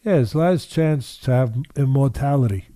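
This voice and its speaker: An older man tells his story in a dark, mellow voice, recorded close and dry. He talks emphatically, repeating key phrases and acting out the voices of people he quotes. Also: mid-range voice, normal speed, dry recording. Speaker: boxing trainer guest. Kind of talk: storytelling interview.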